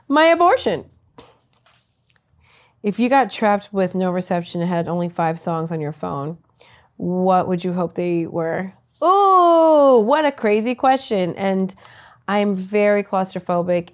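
A woman comedian answering rapid-fire interview questions with brash, crude, self-mocking punchlines. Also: mid-range voice, a little mellow.

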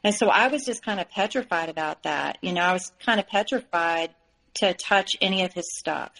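A woman's voice: on the low side, a little fast, vocal fry, a bit bright, rough recording. A woman, a podcast guest, frankly recounting her own experience in a loose conversational way with many fillers. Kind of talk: personal story in an interview.

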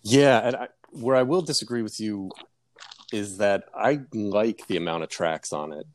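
A man co-hosting a casual music podcast, explaining his views in a measured, hesitant way. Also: fairly low pitch, dry recording. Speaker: podcast co-host.

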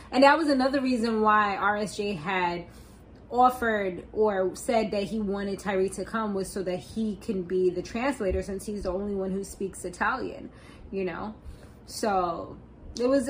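A young adult woman talks through a TV episode in a loose, chatty way, laughing often and casually swearing as she acts out what the characters said. Her voice sits a bit high, with a faint hiss of noise behind her. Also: poor audio. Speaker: podcast host recapping a TV episode. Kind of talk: casual recap chat.

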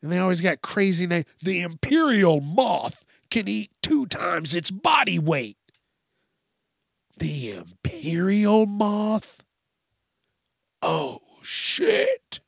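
A man's voice: high-pitched, very animated, slow pace, creaky, no room sound, studio quality. A man hosting a casual solo podcast, talking loosely, swearing and drifting between topics with frequent restarts. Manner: frequent restarts and repeated words. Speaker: podcast host.

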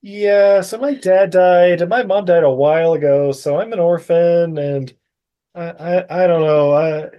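A man putting on a flustered young female martial arts student in a movie recap, talking in halting, rambling bits. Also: on the high side, lo-fi sound, natural voice.

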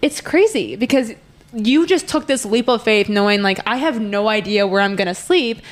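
Woman host, mid-pitched, casual and enthusiastic, slangy faith podcast chat. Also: expressive, normal speed. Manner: enthusiastic, slangy, says "bro".

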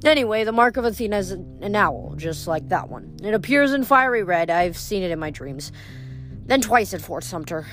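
A woman's voice: medium pitch, lively intonation, moderate pace, fairly bright tone, soft background music, close to an everyday voice. A woman reading aloud, voicing a determined teenage girl demigod who speaks earnestly and insistently.

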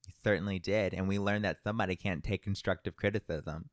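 A woman's voice: extremely low pitch, fairly even intonation, fast, no room sound, clean studio sound. A woman hosting a podcast in casual chat, teasing and sarcastic with her sisters. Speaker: podcast host.

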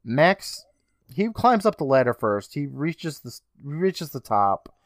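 A man's voice: fairly high pitch, very animated, slow, dry recording, clean studio sound. A young adult man co-hosting a podcast, recapping a TV episode in a wry, profane, casual way. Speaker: podcast co-host.

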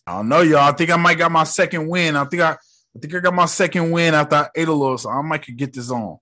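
A young man talks through a film in casual reaction commentary, his voice sitting a little high for a man. He is animated and swears freely, breaking into loud outbursts. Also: fast talker. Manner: animated and profane, with loud exclamations. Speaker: movie reaction vlogger.

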